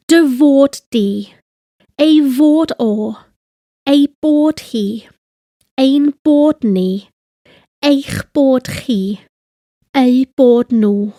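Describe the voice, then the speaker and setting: Female tutor, scripted lesson narration, high lively voice, slow and precise delivery. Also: no echo, clean studio sound. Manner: slow, deliberate, carefully enunciated. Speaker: language teacher.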